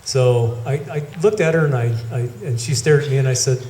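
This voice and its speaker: A man's voice: mid-range voice, fairly quick, mellow, slight background noise. Man with a head cold telling a story. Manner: rambling anecdotal storytelling with self-corrections. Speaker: eulogy speaker. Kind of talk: storytelling eulogy. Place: outdoor gathering. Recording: echoey with faint ambience.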